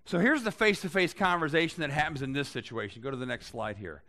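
A man preaching a sermon in a conversational way, reading scripture aloud and adding lively asides to his listeners. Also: fairly high pitch, fast. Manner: conversational, animated Bible reading with voiced asides. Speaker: pastor.

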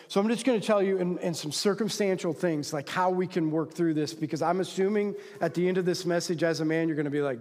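A man's voice: a little fast, darkish tone. A man preaching a sermon to men, casual and conversational, throwing rhetorical questions to the crowd and acting out quoted voices. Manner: acts out quoted voices with big pitch swings. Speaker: pastor. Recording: long hall reverb.

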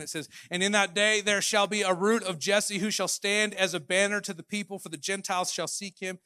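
A man with a high, bright voice preaches with lively energy, jumping from hushed, quiet asides to loud, ringing declarations. His sound is close and dry, with hardly any room around it. The tone is that of a pastor giving a Sunday sermon. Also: dry recording. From Canada. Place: church hall.

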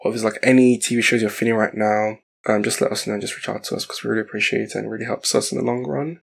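Gravelly laid-back male podcast host. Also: on the low side, fairly even intonation, rapid-fire. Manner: laid-back, swears casually. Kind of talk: casual chat.

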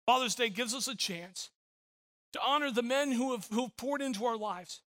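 Bright high-voiced storytelling pastor, a man. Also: normal speed. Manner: storytelling with frequent repeated words. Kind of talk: sermon.

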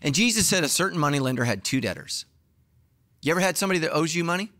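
A middle-aged man preaching a sermon as a pastor, telling the story with acted-out dialogue and sudden swings between loud and hushed. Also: very fast. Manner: animated storytelling, acting out dialogue with big pitch swings.

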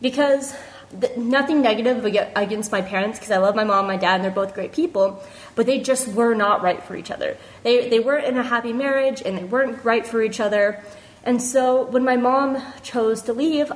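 A young woman with a slightly high voice, on a rough recording, is a fan leaving a voice message for a podcast. Her casual, impassioned opinion comes out heated and earnest, emotional and close to tears, with many restarts.

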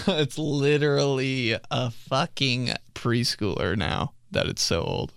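A man's voice: mid-range voice, lively intonation, takes it slowly, vocal fry, fairly bright tone, smooth, dry recording, studio quality. A young man hosting a comedy podcast, telling stories casually, swearing and laughing at his own jokes. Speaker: podcast host.

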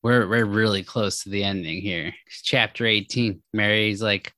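A man's voice: lowish voice, steady tone, moderate pace, fairly bright tone, dry recording. A man co-hosting a podcast, retelling a novel in a loose, joking, profane way. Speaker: podcast co-host. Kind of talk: casual chat recapping a novel.

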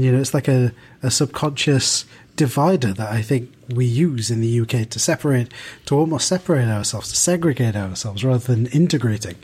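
A man's voice: medium pitch, a little mellow, husky. A man from the UK co-hosting a podcast, talking in a thoughtful, rambling way with many restarts and fillers. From United Kingdom. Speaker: podcast co-host. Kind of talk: casual podcast discussion.

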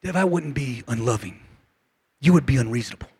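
A male pastor preaching a passionate sermon to his congregation, calling for responses and swinging between shouts and hushed lines, his voice going hoarse. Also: medium pitch, expressive, a little fast, no room sound. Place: church sanctuary.

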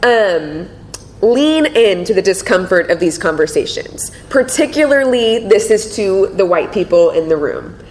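A woman speaking to an audience in a lively, conversational way, telling stories with laughter. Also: measured pace. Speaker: panel speaker. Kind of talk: conversational talk with anecdotes. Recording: echoey room with faint rumble.

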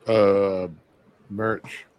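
A man's voice: lowish voice, flat delivery, very slow, noisy background. A wry, offhand man chatting casually on a podcast.

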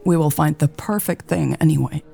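A woman's voice: deep voice, fairly even intonation, moderate pace, creaky, mellow, slightly rough, soft background music, heavily acted. A woman voicing a kind young shop clerk who speaks in a polite, honeyed service tone.

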